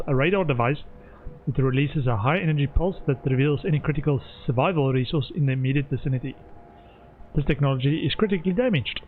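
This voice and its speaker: A man's voice: medium pitch, a little mellow, muffled recording. A man streaming a game, chatting casually and reading on-screen text aloud as he plays. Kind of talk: casual gameplay commentary.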